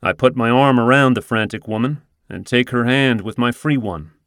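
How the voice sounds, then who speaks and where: A man reading a first-person story in a wry, even manner. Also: mid-range voice, moderate pace, dry recording, studio quality. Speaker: narrator. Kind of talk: scripted first-person narration.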